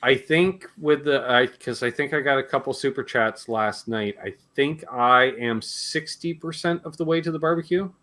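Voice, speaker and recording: A man's voice: medium pitch, normal speed, hardly any pauses, fairly bright tone. A man in his forties from Canada, hosting a live guitar Q&A stream in casual, jokey chat. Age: 40s. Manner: rambling and jokey, laughs between remarks.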